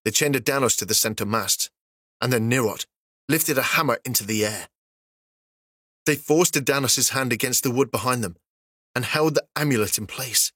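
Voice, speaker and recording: A man narrating a fantasy story as an audiobook, steady and even. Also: mid-range voice, moderate pace, dry recording, studio quality.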